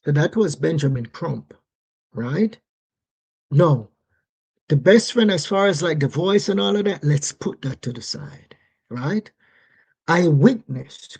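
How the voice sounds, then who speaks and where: A livestream commentator speaking casually and rhetorically, often checking in with "right?" and slowing down to stress key words. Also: mid-range voice, mellow, husky. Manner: rhetorical, repeatedly asks "right?" and "yes?".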